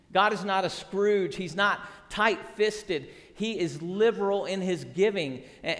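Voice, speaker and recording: The recording carries a long hall reverb as a middle-aged pastor preaches earnestly and emphatically. His voice is a little high and a bit bright, and he leans on repetition and rhetorical questions.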